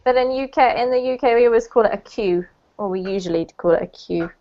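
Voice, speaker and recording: A fairly high-voiced woman teaches English over a video call, patient and clear, stopping often to check that her students follow. The audio is a little muffled, with the dull sound of a call. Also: dark tone. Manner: patient, explains slowly with checking questions. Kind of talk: online language lesson.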